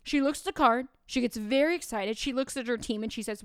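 A woman in her thirties, a teacher co-hosting a podcast, telling classroom stories with lively, acted-out dialogue. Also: a little high, brisk, clean tone, no room sound, clean studio sound. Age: 30s. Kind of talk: casual podcast chat.

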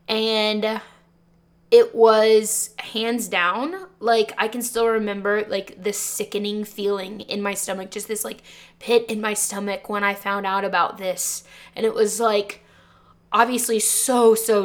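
A young woman, a teacher hosting a podcast, telling a personal story in an earnest, emotional way with frequent fillers. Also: medium pitch.

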